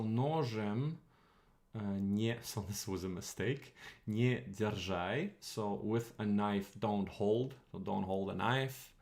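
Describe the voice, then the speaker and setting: A young man streaming casually, working through an old text out loud with many pauses and questions to his chat. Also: on the low side. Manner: thinking aloud, halting, reads words out slowly, asks the chat.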